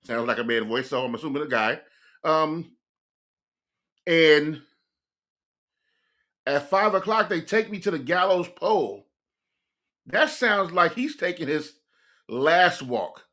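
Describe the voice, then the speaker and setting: Young male reaction host, high-pitched, loose and rambling, keeps saying "like". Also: takes it slowly, long pauses. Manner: excitable, rambling, fills speech with "like". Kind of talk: casual reaction commentary.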